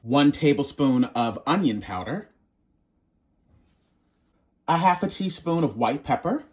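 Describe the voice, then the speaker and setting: Sassy playful man hosting a cooking show. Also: medium pitch. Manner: sassy, playful, calls viewers baby and honey. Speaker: cooking channel host. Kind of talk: casual cooking tutorial.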